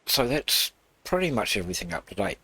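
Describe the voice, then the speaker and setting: Husky low-voiced man walking through gameplay. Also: big pitch swings, bright, forceful tone, no echo. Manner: rambling, halting, with many fillers. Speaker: gaming channel host. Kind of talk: casual gameplay walkthrough.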